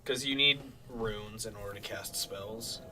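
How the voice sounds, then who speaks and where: A man's voice: on the low side, unhurried, over music. A man streaming a horror game, chatting casually and thinking aloud about what he sees. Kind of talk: casual gameplay commentary.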